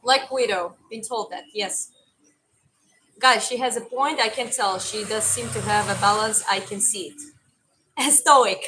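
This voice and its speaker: Bright-voiced woman chatting on a livestream. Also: medium pitch, a little slow, slight background noise, rough recording. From Georgia. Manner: chatty, rambling with many restarts. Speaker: livestream host reading chat. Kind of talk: casual livestream chat.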